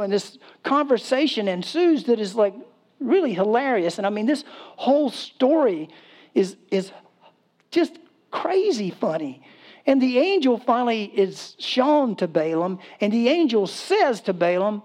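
A pastor with a high male voice preaches a sermon at a moderate pace, telling it in a casual, humorous storytelling way. He acts out voices in quotes, laughs as he goes, and stays animated throughout.

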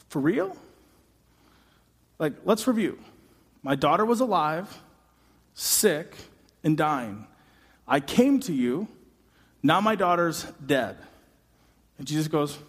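A man preaching a sermon as a pastor, telling the story in an animated, humorous way with quick asides. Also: high-pitched, breathy edge. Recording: long hall reverb.

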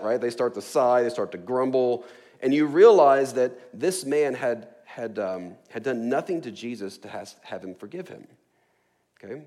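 Man, forties, pastor, relaxed sermon, chatty asides, mid-pitched voice. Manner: conversational, frequent "right?" asides, lively emphasis.

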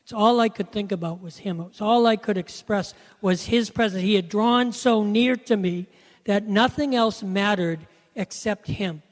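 Earnest man telling a testimony, high voice. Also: unhurried, long reverb tail. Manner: earnest storytelling with frequent "you know". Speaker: Christian speaker sharing testimony. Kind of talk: personal testimony talk.

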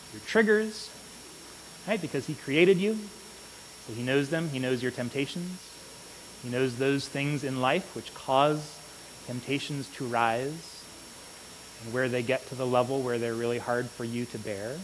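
A man preaching a sermon in an earnest manner, often checking in with the congregation with a quick "right?". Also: medium pitch. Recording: long reverb with faint hiss.

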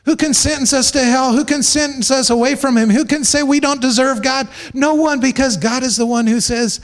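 A man's voice: very high-pitched, normal speed, hardly any pauses. A man preaching a sermon as pastor, emphatic, stressing points through repeated phrases and joking lightly with the congregation.

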